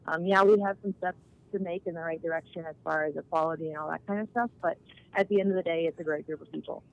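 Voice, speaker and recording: A woman's voice: lowish voice, fairly even intonation, quick pace. A woman guest in a casual podcast chat, upbeat and enthusiastic, rambling a little with fillers. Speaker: guest, agriculture academic. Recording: dull lo-fi call audio.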